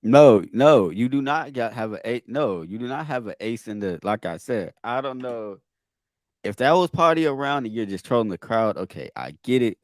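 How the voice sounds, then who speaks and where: A male podcast host reacts to a video, exasperated and emphatic, frequently repeating his words. His mid-range voice is expressive at a moderate pace, captured in a dry, studio-quality recording.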